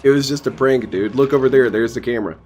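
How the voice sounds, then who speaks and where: A man's voice: medium pitch, fast talker, a little mellow, soft background music. A man hosting a live restream, making sarcastic, mocking jokes and going off on absurd tangents. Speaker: host reacting to a restreamed gameplay video. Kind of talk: casual live commentary.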